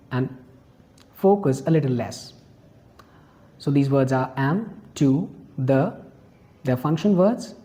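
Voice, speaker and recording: An English teacher from India with an Indian accent giving a pronunciation lesson, explaining points patiently, repeating them and spelling out examples slowly. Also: medium pitch, mellow.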